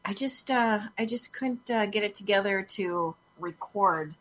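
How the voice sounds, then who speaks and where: A woman hosting a casual podcast, playful and quick to laugh. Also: mid-range voice, a bit bright. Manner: giggly, playful. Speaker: podcast host.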